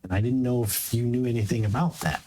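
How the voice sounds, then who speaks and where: A man's voice: mid-range voice, fast talker, background noise. A man playing a tabletop game, speaking eagerly and earnestly in character. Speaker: player. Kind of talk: in-character tabletop role-play.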